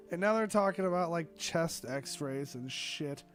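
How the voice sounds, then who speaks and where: A man with a fairly high voice talks into an online call, coughing and sick. He rants in a profane, exasperated way during a casual chat, and faint music plays behind him. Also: slow pace, pauses often.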